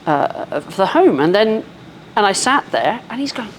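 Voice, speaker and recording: A woman's voice: mid-range voice, sing-song, normal speed, a little hiss or hum. Wry woman recounting an anecdote. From England. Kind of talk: casual storytelling. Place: live podcast recording.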